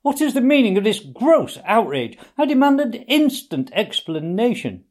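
A man voicing a boastful, swaggering male toad who talks high and loud in a storybook reading. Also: very animated, normal speed, full character voice. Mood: indignant. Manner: loud, high and bragging, stammers when faltering.

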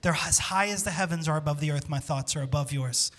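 A man preaching a sermon as pastor, impassioned, dropping to a hush when quoting scripture. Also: a little high, fast.

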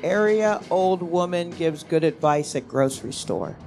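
A woman's voice: on the low side, unhurried, faint music behind. Laughing woman comedian. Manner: lively, jokey, laughs at her own punchlines. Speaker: comedian, storytelling guest. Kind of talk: live comic storytelling.

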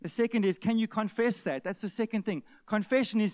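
A male pastor preaching a sermon, swinging from loud emphatic peaks to hushed near-whispers and asking the congregation rhetorical questions. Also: sits high, expressive, brisk, hardly any pauses, no echo.

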